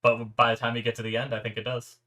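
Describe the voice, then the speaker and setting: A man with a bright, forceful voice, thinking aloud about an episode he just watched. He rambles and restarts often, reaching for the right words, and sounds earnest and reflective. The pitch sits in an ordinary middle range. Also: little pitch movement, quick pace. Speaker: anime reaction host. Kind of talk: casual reaction commentary.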